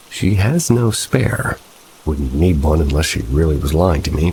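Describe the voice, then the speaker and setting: A man reading true paranormal stories aloud as a steady, low-key horror narrator. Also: a little hiss or hum, rough recording.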